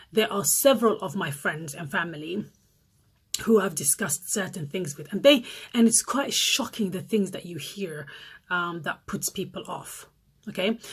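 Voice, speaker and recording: Husky-voiced woman telling stories to camera. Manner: animated storytelling, acts out friends' lines in a higher voice. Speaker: vlogger. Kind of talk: casual talk to camera.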